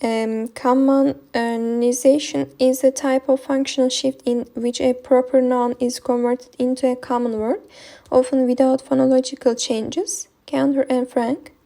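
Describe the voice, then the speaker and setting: Hesitant high-voiced woman with Turkish accent. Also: level tone, measured pace, vocal fry, warm tone. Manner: hesitant, many ums and uhs. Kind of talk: reading a linguistics presentation.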